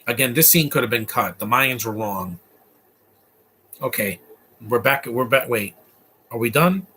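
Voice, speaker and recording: A man's voice: mid-range voice, lively intonation, unhurried, pushed and bright, a little hiss or hum. A man giving casual, opinionated live commentary while watching a movie, rambling through asides and restarts.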